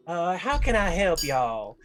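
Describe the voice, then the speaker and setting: A woman's voice: on the low side, very animated, unhurried, faint music behind, voice pushed up. A man voicing an older female orc bartender with a folksy drawl. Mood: welcoming.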